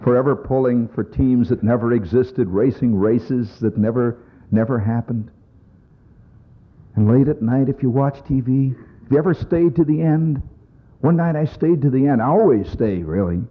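A man's voice: medium pitch, moderate pace. A man telling a rambling humorous monologue to an audience, wry and conversational. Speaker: storyteller performing to an audience. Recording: tinny lo-fi phone-like recording.

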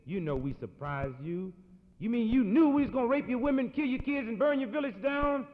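A man voicing a boastful, jeering white cowboy boss who shouts with swagger. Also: fairly high pitch, moderate pace, pitched below the performer's own voice, lightly acted. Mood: mocking. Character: brash boastful white frontier cowboy boss, male, adult. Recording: dull lo-fi recording in an echoey hall.

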